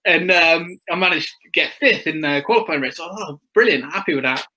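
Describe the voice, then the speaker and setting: A man's voice: a little high, expressive, brisk, sharp tone, poor audio. A young man chatting casually as a guest, telling stories with frequent laughs and acted-out quotes. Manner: chatty storyteller, laughs often, acts out quotes. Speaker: guest motocross rider. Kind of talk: casual chat.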